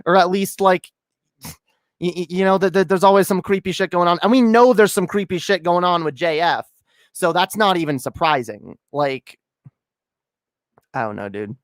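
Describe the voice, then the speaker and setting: Emphatic, profane co-host. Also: male voice, sits high, moderate pace, pauses often, dry recording, clean studio sound. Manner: profane, emphatic, stammering restarts. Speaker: podcast co-host. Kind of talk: casual chat.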